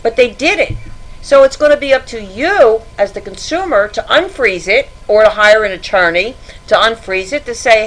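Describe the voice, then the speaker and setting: A woman's voice: a little high, lively intonation, moderate pace, poor audio. A middle-aged woman talks through credit troubles on a podcast as a guest. Her delivery is earnest and cautionary, with warnings driven home and examples spelled out step by step. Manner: earnest, cautionary advice-giving. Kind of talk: podcast interview.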